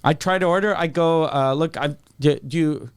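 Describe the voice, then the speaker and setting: A man's voice: a little high, clear, resonant tone. A young man co-hosting a podcast. He tells a story casually, swears and stops to restart sentences. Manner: profane, halting, with restarts and dry asides. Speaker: podcast co-host.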